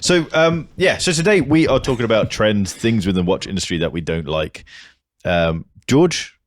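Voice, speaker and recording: A man's voice: lowish voice, animated, normal speed, no echo, studio quality. A man co-hosting a casual podcast chat, blunt and sweary as he talks. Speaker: podcast co-host.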